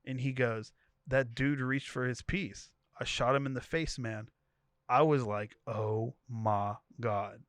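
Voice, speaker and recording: A man's voice: mid-range voice, measured pace, clean tone, no room sound. A podcast co-host reading a wild tweet thread aloud, laughing as he goes and giving each character's lines a voice. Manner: animated storytelling, laughing between lines.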